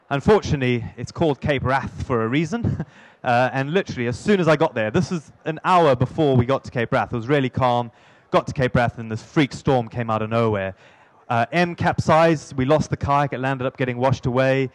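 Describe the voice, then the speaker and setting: A man telling the story of his long sea swim, lively and self-mocking, with quick asides. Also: mid-range voice, dry recording. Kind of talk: storytelling talk.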